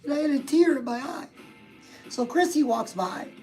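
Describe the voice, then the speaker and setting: A woman's voice: high-pitched, lively intonation, moderate pace, dark tone, soft background music, rough recording. A woman hosting a casual motivational live stream, chatting straight to her viewers and reading out their comments.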